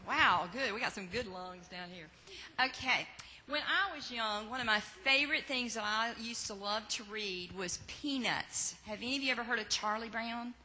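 A woman telling a story to children during a church service, animated and full of questions to them. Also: fairly high pitch, a little slow. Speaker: children's message leader. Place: church sanctuary. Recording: reverberant church sanctuary.

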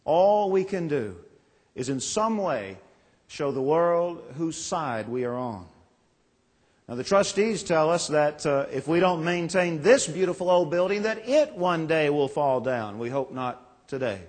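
A pastor in his forties preaching a sermon, reading scripture and telling folksy stories with self-deprecating jokes. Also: on the high side. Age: 40s. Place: church sanctuary. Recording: long echo of a large church.

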